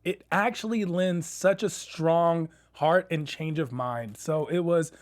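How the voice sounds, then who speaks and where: A man's voice: a little high, slow pace. A man co-hosting an online TV after-show, joking with wordplay and then giving earnest commentary. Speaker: co-host. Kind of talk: casual TV recap chat.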